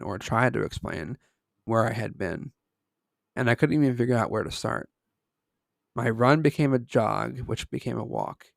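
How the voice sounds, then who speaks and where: A man reads a first-person horror story in an earnest voice with small slips. His voice is gravelly at a middle pitch. It is recorded dry and close to the mic. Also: no room sound. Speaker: story reader.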